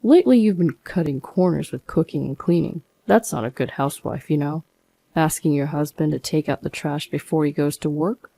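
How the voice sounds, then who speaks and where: A woman's voice: low-pitched, moderate pace, creaky, warm tone, no echo. A woman voicing a scornful, bossy adult husband in a narrated story. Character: dismissive smug adult husband.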